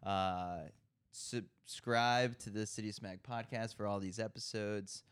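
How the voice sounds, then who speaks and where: A man's voice: lowish voice, steady tone, slow, a bit bright, clean tone. A man co-hosting a casual late-night podcast, tired and winding down the episode. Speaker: podcast co-host.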